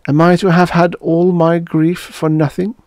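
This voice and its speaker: A man's voice: fairly high pitch, little pitch movement, unhurried, a little mellow, no room sound, clean studio sound, pitched above the performer's own voice, natural voice. A man voicing a prim, pleading old wife. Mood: grieving. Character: elderly woman, prim, grieving, devoted wife.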